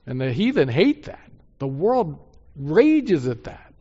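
A man preaching a sermon, building to loud, emphatic peaks on key points and then dropping low and quiet. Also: sing-song, slow, pauses often. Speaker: pastor. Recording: muffled sound in a reverberant hall.

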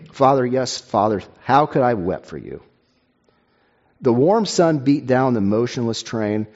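A man preaching a sermon and reading a story aloud in a measured, earnest way, with a few slips and fillers. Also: mid-range voice, expressive, darkish tone, highs cut off.

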